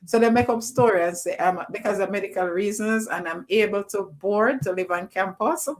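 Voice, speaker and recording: A Jamaican woman telling a childhood story on a livestream in Jamaican Creole, with an animated delivery. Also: medium pitch, a little fast. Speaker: guest teacher.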